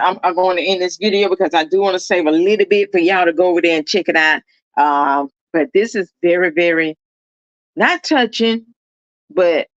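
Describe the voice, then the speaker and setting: A woman's voice: fairly low pitch, no echo, muffled recording. Emphatic woman talking to her viewers. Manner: emphatic, keeps asking viewers if they follow. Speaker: reaction video host. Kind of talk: casual commentary to viewers.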